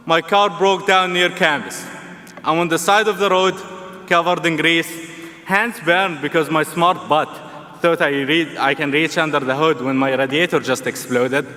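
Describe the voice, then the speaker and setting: A young Egyptian man with an Egyptian Arabic accent gives a funny yet earnest student commencement speech in a large arena. His voice is high-pitched, bright, and forceful, ringing with long arena reverb.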